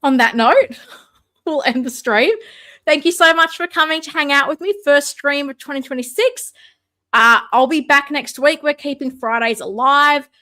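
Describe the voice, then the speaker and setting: A woman's voice: high voice, normal speed, pushed and bright. An Australian woman hosting a casual livestream, chatting and answering viewer comments. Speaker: livestream host.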